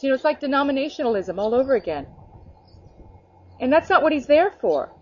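A woman's voice: sits high, very animated, a little fast, muffled recording. A woman preaching an informal, earnest sermon to an online group, talking conversationally with restarts and acting out quotes.

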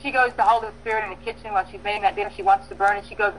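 A woman preaching a sermon, emphatic, with bursts of loud stress and soft pauses, acting out prayers and dialogue. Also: mid-range voice, steady tone, slight background noise, poor audio. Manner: acts out prayers and quoted dialogue.

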